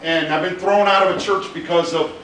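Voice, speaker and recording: A man's voice: high-pitched, steady tone, a little fast, a bit bright, far from the mic, slight background noise. A Midwestern American man, a pastor, telling a funny story in a sermon with lots of laughter. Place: church hall in a mall. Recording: very echoey hall from afar.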